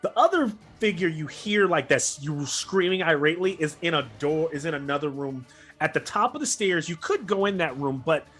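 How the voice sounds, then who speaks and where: A man's voice: a little high, animated, normal speed, fairly bright tone, soft background music. A man running a tabletop game as game master, talking in a rambling, casual way with many self-corrections.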